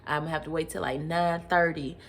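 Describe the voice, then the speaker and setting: A woman's voice: deep voice, fast. A young woman casually telling a personal testimony, addressing listeners as y'all and acting out what she and others said. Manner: animated, addresses listeners as y'all, acts out her own quotes. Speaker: storyteller sharing personal testimony. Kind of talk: casual personal storytelling to viewers.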